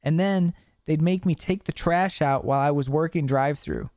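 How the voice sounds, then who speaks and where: A young man hosting a podcast, telling stories in a casual, animated way with plenty of swearing. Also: fairly high pitch, moderate pace, dry recording, clean studio sound. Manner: animated storytelling with profanity. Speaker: podcast host. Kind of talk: casual chat.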